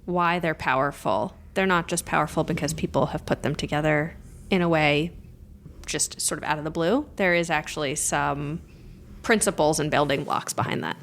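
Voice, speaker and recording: Woman, interview guest, lower pitch, friendly, relaxed, faint noise. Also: moderate pace. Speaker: museum executive director, guest. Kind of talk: casual interview chat.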